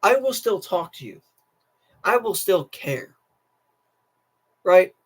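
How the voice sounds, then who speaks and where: Teenage male streamer, tired, rambling rant, frequent restarts, fairly high voice. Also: very animated, slow pace, husky. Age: teens. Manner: restless, repeats himself, many restarts. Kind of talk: casual political rant to camera.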